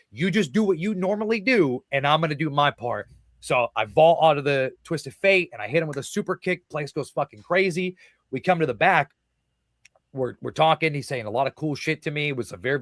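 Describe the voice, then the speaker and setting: A man in his thirties, a podcast guest telling a wrestling story in casual, excitable talk, swearing often and acting out quotes. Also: mid-range voice, no room sound.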